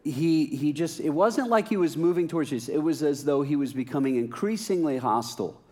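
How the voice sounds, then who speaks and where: A man's voice: on the high side, brisk. A middle-aged man preaching a sermon, telling a personal story with self-mocking humor and acting out the dialogue. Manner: animated, self-mocking, acts out dialogue with rising laughter.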